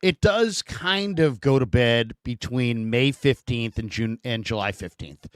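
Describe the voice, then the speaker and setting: A man from San Francisco hosting a casual sports talk show, telling stories with lively put-on voices. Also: medium pitch, unhurried, clear, resonant tone, dry recording. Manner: animated storyteller, acts out shouted voices. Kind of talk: casual sports podcast chat.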